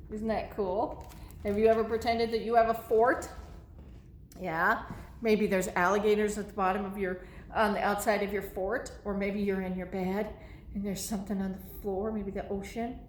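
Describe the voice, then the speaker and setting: A woman's voice: mid-range voice, little pitch movement, moderate pace. A woman leading a children's story time at a library, asking the kids encouraging questions in a sing-song way. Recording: echoey room with faint noise.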